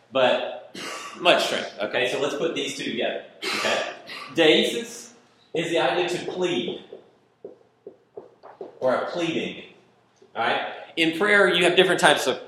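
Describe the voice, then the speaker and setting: A man preaching and teaching a Bible verse, lively and conversational, acting out little scenes and questioning his listeners. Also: medium pitch. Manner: animated, acts out little scenes, asks the room questions. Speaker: pastor. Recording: roomy echo.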